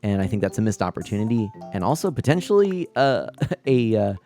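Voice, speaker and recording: A livestream host in his thirties chats loosely with viewers on a family-friendly stream, reading their comments, giggling often, rambling with many fillers and restarts. His lowish voice is brisk and mellow with big pitch swings, over soft background music.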